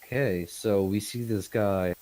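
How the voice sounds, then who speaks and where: Male player, mid-pitch, eager and curious. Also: measured pace, darkish tone. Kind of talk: casual tabletop game chat.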